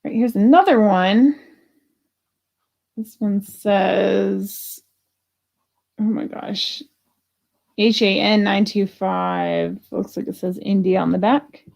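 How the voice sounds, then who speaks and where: A woman hosting a live jewelry sale chats casually and thinks aloud while pricing pieces, grumbling now and then. Her mid-range voice is slow, creaky, and a little mellow, with long pauses.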